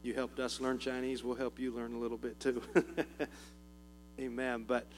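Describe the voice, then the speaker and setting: A man's voice: mid-range voice, completely flat delivery, unhurried. Folksy Southern man in a reverberant church. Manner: folksy, joking, chuckles often, many "uh" fillers. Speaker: missionary speaking to a church. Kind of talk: informal church talk with humor. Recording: long reverb with faint music and mains hum.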